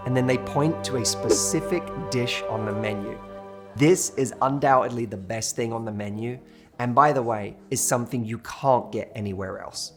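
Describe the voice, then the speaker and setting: With faint music in the background, a British-accented man speaks at a moderate pace in a mid-range voice. He's a dating coach giving direct-to-camera relationship advice, illustrating it with a story in which he plays the waiters he quotes.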